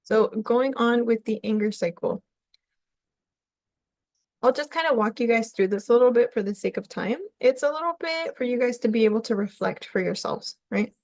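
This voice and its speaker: A woman's voice: on the high side, moderate pace, a little mellow, no room sound. A woman family counselor giving a conversational presentation to parents, often checking in with "right?".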